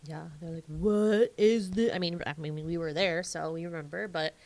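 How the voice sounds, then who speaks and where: A woman co-hosting a podcast, chatting casually in a quiet, dry way that trails off. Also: low voice, flat delivery, fairly quick, no room sound. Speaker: podcast co-host. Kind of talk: casual chat.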